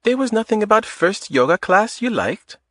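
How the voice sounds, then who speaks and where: A man's voice: high voice, sing-song, normal speed, bright, forceful tone, no echo, studio quality, pitched above the performer's own voice, exaggerated voice. A man voicing a teasing, stubborn woman in her early thirties with a light Eastern European accent in an audiobook, blunt and clipped. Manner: blunt, drops little words, teasing. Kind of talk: audiobook character voice.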